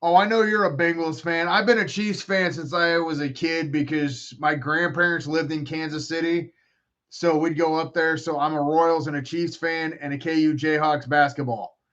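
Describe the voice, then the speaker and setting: A man's voice: on the high side, steady tone, moderate pace, fairly bright tone, lo-fi sound. A man hosting a casual live-stream podcast, rambling and trash-talking with lots of swearing and jokes. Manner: profane, joking, rambling trash talk. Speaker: podcast host.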